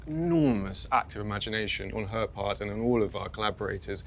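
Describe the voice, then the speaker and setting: Actor guy on a panel, playful and animated, faint hiss. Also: fairly low pitch, fairly quick, creaky. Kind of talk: panel discussion.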